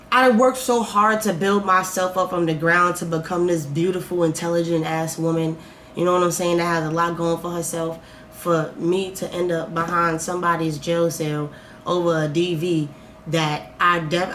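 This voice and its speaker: A young woman vlogger telling a casual storytime, animated and swearing as she acts out her own reactions. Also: lowish voice, normal speed. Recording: echoey room, faint noise.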